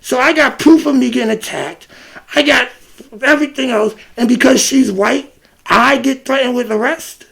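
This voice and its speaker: A man from Ohio telling a personal story in a casual, animated monologue, acting out the exchanges and filling gaps with "da, da, da.". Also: very high-pitched, moderate pace, gravelly. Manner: animated, reenacts exchanges, scat fillers like "da, da, da". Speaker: vlogger.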